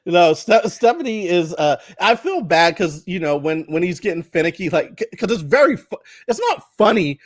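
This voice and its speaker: Animated, high-voiced man chatting as host. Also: moderate pace, no echo, studio quality. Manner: animated, laughing, acts out his baby's cries. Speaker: podcast host. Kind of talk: casual chat.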